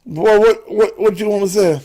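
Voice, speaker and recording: A man doing a gruff, bewildered tough-guy father. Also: high-pitched, a little fast, warm tone, pitched above the performer's own voice. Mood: gruff demanding.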